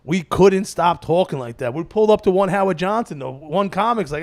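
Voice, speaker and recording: A man's voice: sits high, animated, brisk. A man, a comedian hosting his own show, telling rambling profane stories in a tired, casual monologue and laughing at himself. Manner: profane, digressive storytelling. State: tired, running on fumes.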